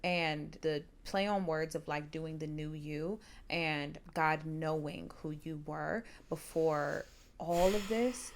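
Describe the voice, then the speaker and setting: A young woman with a notably low voice, co-hosting a relaxed podcast chat. She talks emphatically, backing points with firm one-word agreements. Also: slow pace. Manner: emphatic, punctuates with "period". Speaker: podcast co-host. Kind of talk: casual chat.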